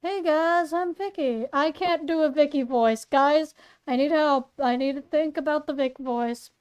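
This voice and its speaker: High-voiced female reader, chatty asides, stumbling and playful. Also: moderate pace, a little mellow. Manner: playful, self-conscious, stumbling. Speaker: story reader and voice actor. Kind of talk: casual story reading with asides.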